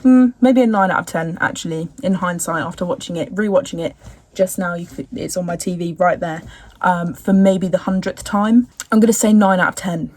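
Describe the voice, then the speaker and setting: A woman's voice: lowish voice, fairly quick, darkish tone. A young woman in casual chat recapping a TV episode at home, rambling with slangy, jokey asides. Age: young adult.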